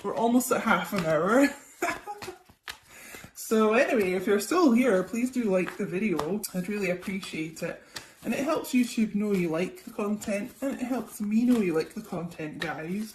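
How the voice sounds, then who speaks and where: A woman's voice: medium pitch, animated, moderate pace. Chatty woman giving a tarot reading. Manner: chatty, rambling, frequent ums and okays. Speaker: tarot reader. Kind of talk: casual psychic tarot reading to camera. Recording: echoey room, faint noise.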